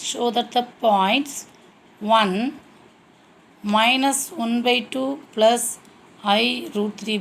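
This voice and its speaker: Slow, patient woman teaching maths. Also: medium pitch, slight background noise. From India. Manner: slow, step-by-step explaining with frequent "okay" checks. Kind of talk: classroom maths lesson.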